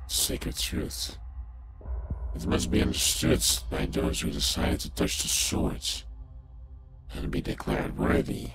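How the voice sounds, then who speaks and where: A man voicing a solemn male cult elder who speaks in a slow, measured, ceremonial way with a gravelly voice. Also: rumbling low, heavily acted. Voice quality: gravelly, creaky.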